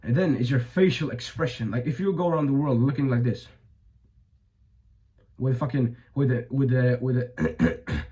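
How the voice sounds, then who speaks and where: A man's voice: mid-range voice, dark tone, low-quality recording. A young man giving blunt, profane advice in a casual monologue, full of fillers and restarts, his voice a bit strained. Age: young adult. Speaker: vlogger.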